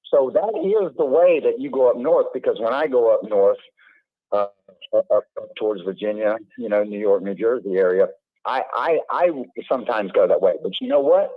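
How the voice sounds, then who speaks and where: A man's voice: medium pitch, normal speed, no room sound. Male host, rambling chatty delivery, tinny phone-quality audio, dry. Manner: rambling, repeats words, animated asides. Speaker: livestream host. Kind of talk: casual call-in chat.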